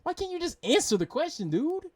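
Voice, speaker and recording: A man's voice: extremely high pitch, big pitch swings, a little fast, dry recording. A man hosting a reaction video, ranting in exasperation, swearing and repeating himself. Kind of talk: angry rant commentary.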